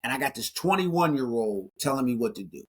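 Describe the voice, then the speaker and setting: A man in his forties, a guest speaker in an interview, telling his life story in an animated way and acting out the dialogue. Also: medium pitch, fairly quick, slightly rough. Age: 40s.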